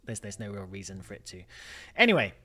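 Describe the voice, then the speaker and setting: A man's voice: on the low side, very animated, fast, sharp tone, faint music behind. A man hosting a let's play, puzzling aloud over a detective game and often trailing off mid-sentence. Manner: thinking aloud, trailing off and restarting. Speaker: gaming video host.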